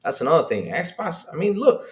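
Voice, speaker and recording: Man, high lively voice, excitable livestream host, swears freely, echoey room. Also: moderate pace. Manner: animated, excitable, swears freely, voice jumps up when worked up. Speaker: podcast host streaming to chat. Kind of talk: casual opinionated livestream talk.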